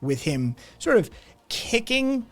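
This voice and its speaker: A man narrating a tabletop game as game master, describing scenes in an unhurried, descriptive way with fillers. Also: very high-pitched, sing-song.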